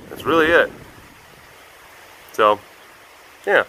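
A man's voice: medium pitch, normal speed, a bit bright, a little hiss or hum, poor audio. Young male vlog host, chatty keeper, rambling, coos at animals, faint outdoor ambience. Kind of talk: casual chat. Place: outdoors at a rural animal facility.

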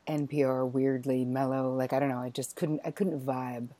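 A middle-aged woman hosting an interview, telling a lively personal story in a chatty, animated way. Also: extremely low pitch, normal speed. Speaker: podcast host.

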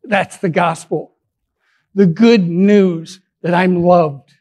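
High-voiced male pastor preaching. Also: fairly even intonation, takes it slowly, darkish tone, breathy edge. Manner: earnest, conversational preaching with frequent restarts. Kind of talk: sermon.

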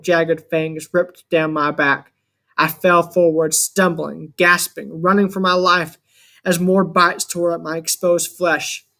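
Man, audiobook narrator, first-person story, slow, dramatic, measured. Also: fairly high pitch, a bit bright.

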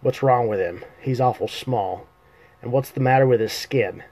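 A man's voice: medium pitch, moderate pace, darkish tone, breathy edge, lightly acted, rough recording. A man voicing a suspicious male elf warrior in a live reading of a fantasy novel, questioning and scornful.

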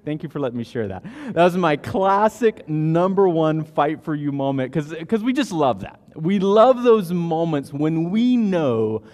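Man preaching, conversational storyteller, slightly high voice, reverb of a big church hall. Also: big pitch swings, measured pace, few pauses, darkish tone. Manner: conversational storytelling with repeated restarts. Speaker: pastor. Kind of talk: sermon. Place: church sanctuary.

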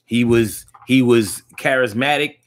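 A man's voice: mid-range voice, measured pace. Slangy male livestream host. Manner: loose, conversational, slangy, lots of repeats and restarts. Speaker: talk show host reading chat comments. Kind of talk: casual live-stream chat.

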